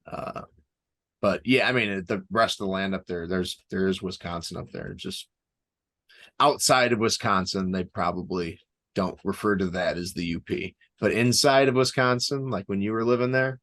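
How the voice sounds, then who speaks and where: A young man from the Chicago area talks in a somewhat low voice. He co-hosts a podcast in a loose, rambling way and slips in deadpan, ironic jokes. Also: normal speed. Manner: joking, rambling, deadpan irony. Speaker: podcast co-host. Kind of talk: casual chat.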